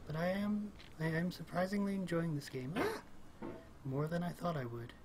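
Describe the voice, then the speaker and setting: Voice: medium pitch, animated, moderate pace. Rambling gamer with audible background hiss. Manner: chatty, thinks aloud, rambles, frequent little laughs and exclamations. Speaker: let's play gamer. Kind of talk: casual rambling game commentary.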